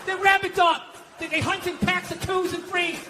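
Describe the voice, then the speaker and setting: An American man doing stand-up comedy, ranting loudly and swearing a lot. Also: extremely high pitch, steady tone, normal speed, noisy background. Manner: loud, ranting, profane.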